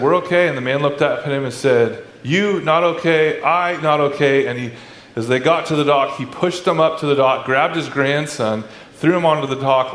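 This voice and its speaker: A man preaching a sermon as a pastor, in a conversational, animated way with sarcastic asides. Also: mid-range voice. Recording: echoey room with faint ambience.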